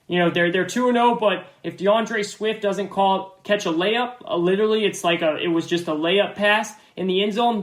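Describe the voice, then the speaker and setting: A man's voice: high-pitched, echoey room. A man hosting a football podcast, giving confident, emphatic opinions and often repeating his phrases. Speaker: podcast host. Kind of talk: sports podcast analysis.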